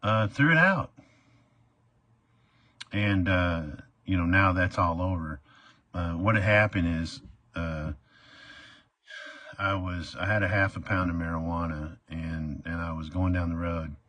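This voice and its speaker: A low, husky man recounting a story casually, stumbling over uh and um as he goes. He acts out the voices of the people in it. The recording is dry and close. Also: a little slow, pauses often, pushed and bright, dry recording, muffled recording. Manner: rambling, many uh fillers, acts out quotes.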